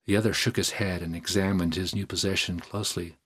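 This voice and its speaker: Low husky guy reading a story out loud, measured and even. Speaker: narrator. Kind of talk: audiobook reading.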